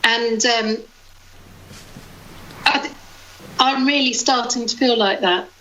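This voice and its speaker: A woman's voice: a little high, takes it slowly, pushed and bright, a little hiss or hum, rough recording. A woman co-hosting a local podcast in casual chat, a chatty storyteller who laughs easily. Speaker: podcast co-host.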